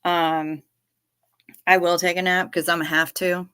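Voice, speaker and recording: A woman hosting a livestream from home, her talk loose, candid and full of swearing. She speaks in an unhurried drawl with a bright, forceful edge to her voice. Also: lowish voice, little pitch movement, clean tone. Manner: profane, candid and rambling. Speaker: livestream host. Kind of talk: casual livestream chat.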